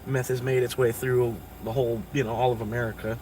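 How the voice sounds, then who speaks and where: A man's voice: mid-range voice, level tone, quick pace. A man livestreaming from a vehicle, rambling casually and loosely with lots of "like" and "you know what I mean". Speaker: livestreaming rideshare driver. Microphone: phone camera. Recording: distant phone mic, loud road noise.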